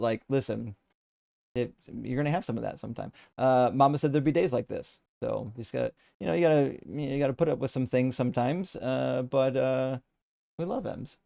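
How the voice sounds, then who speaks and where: A man's voice: mid-range voice, a little fast, vocal fry, dark tone. A man hosting a live debate stream, chatting casually and reading out viewer comments, rambling with lots of restarts and casual swearing.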